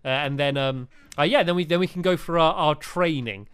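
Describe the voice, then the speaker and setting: A man's voice: fairly high pitch, a little fast, a bit bright, clean tone. A man hosting a casual gameplay video, chatty and upbeat, laughing often as he plays. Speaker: gaming video host.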